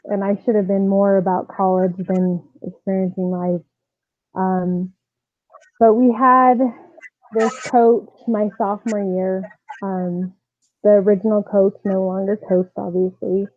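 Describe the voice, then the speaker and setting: A woman softball coach telling her own story candidly, in an easy conversational way. Her voice comes through a tinny phone line. The sound is completely dry, with no room echo. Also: medium pitch, little pitch movement, unhurried.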